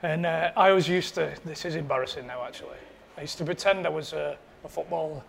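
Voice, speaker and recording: Gravelly high-voiced man. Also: quick pace. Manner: rambling, self-mocking anecdote telling. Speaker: podcast producer. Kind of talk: casual storytelling.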